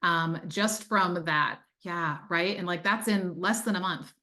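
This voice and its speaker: Woman guest coach, slightly low pitch, earnest, faith-filled, chatty testimonial. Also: unhurried, pushed and bright. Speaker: time management coach, guest. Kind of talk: testimonial interview.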